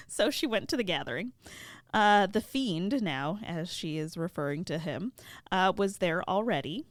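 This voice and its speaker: A woman podcast co-host retelling a fairy tale casually, with animated, laughing asides. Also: medium pitch, moderate pace, no room sound, clean studio sound.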